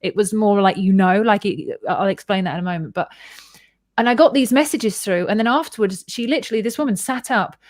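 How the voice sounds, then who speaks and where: A woman's voice: medium pitch, fairly quick, darkish tone, dry recording. Candid rambling woman, dry close sound. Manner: rambling, candid, swears freely, acts out her own reactions. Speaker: guest. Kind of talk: casual storytelling in conversation.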